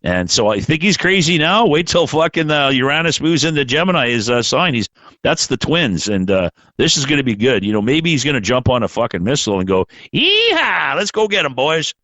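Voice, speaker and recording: A man's voice: medium pitch, animated, a bit bright, no echo, highs cut off. Rambling man hosting a podcast. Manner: rambling, halting, swears freely. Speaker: podcast host. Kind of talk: casual podcast chat.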